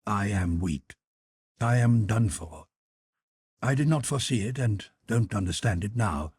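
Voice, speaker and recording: A man reading the part of a grieving, humiliated middle-aged nobleman, halting and full of self-pity. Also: on the low side, lively intonation, darkish tone, husky, dry recording, clean studio sound, exaggerated voice. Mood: anguished. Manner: halting, self-pitying, anguished. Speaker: character in audiobook.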